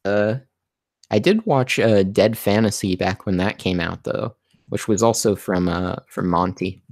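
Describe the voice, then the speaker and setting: Low-voiced man on a casual livestream. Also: gravelly, a little mellow, no room sound, studio quality. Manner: halting, many fillers and restarts. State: losing his voice. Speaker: livestream host answering viewer questions.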